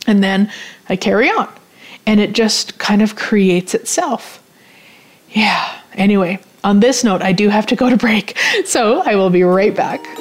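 A woman talks to her radio audience in a loose, rambling way, often circling back and breaking into small laughs. Her voice sits in a middle pitch, and the delivery is casual and unscripted. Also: unhurried. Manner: meandering, giggly, with many restarts. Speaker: host. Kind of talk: casual talk-radio monologue.

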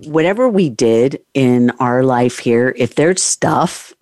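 A woman's voice: rumbling low, lively intonation, takes it slowly, a little mellow, no room sound, studio quality. A woman hosting a casual chat, speaking earnestly and reflectively.

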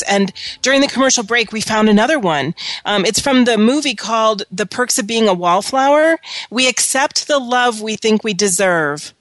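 A woman hosts a reflective talk radio chat, her voice sitting a little high. She talks earnestly and leans on "you know" fillers. The studio sound is close and dry. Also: fairly bright tone, dry recording. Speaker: radio show host.

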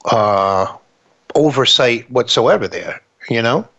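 A man's voice: medium pitch, expressive, slow, a bit bright, highs cut off. A man hosting a radio talk show, chatting casually and often restarting his sentences. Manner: conversational, trailing off and restarting.

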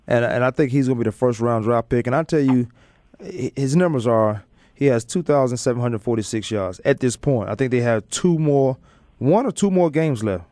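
A man's voice: mid-range voice, expressive, moderate pace, warm tone, no echo. Easygoing male sports radio host. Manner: loose, joking, with many fillers and restarts. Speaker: sports talk show host. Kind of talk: casual sports radio chat.

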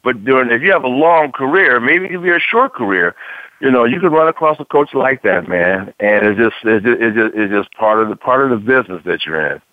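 A man's voice: medium pitch, expressive, dry recording. A man co-hosting a casual sports talk radio show, a former player speaking conversationally and often tagging lines with "man.". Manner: conversational, drawn-out, repeats "man". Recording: dry, tinny phone-like radio sound.

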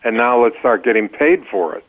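An older man, a guest on a radio interview, telling his story in a relaxed way. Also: mid-range voice, moderate pace. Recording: tinny phone-like line.

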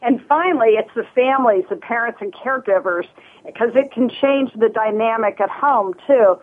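A woman's voice: fairly high pitch, moderate pace, husky. A woman from Southern Ohio, a guest speaking earnestly in a casual interview, with many fillers and restarts. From Southern Ohio, USA. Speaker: guest, nonprofit leader. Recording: tinny phone line.

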